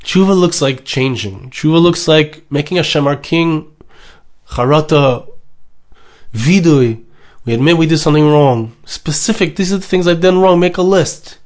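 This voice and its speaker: A man preaching as a rabbi in an emotional, emphatic sermon. His voice sits slightly high for a man, and he drives his points home by repeating phrases. Hebrew terms run through his talk. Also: normal speed.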